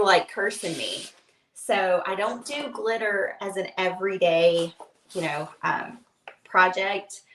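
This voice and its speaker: A woman's voice: mid-range voice, creaky, a bit bright. Chatty woman on a craft stream. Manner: chatty, rambling storyteller with fillers. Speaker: craft instructor hosting a live stream. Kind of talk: casual live craft stream chat. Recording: echoey room with faint noise.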